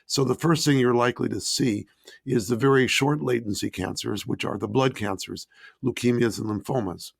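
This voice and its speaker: A man with a raspy voice, hoarse from a cold, giving measured explanations as an epidemiologist guest on an interview show. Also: mid-range voice, no echo, clean studio sound. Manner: methodical, lists points in order.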